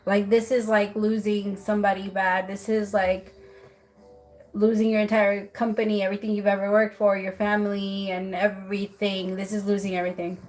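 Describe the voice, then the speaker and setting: A woman's voice: mid-range voice, level tone, moderate pace, darkish tone. A woman giving a live-stream tarot reading, chatty, with many filler words, calling the viewer "my love". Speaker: tarot reader.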